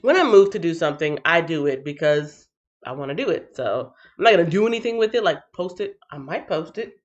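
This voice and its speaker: A woman hosting a casual livestream, who sounds tired after a night shift. She reads out chat comments in an animated, playful way and breaks into sing-song bits. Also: low voice, a little fast, lo-fi sound. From Texas. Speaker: livestream host.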